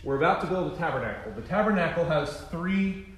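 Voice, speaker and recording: A man's voice: a little high, animated, brisk. A man leading a classroom Bible lesson, chatty and quizzing his students with self-deprecating jokes. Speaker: Bible study teacher. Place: classroom with a group. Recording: echoey room.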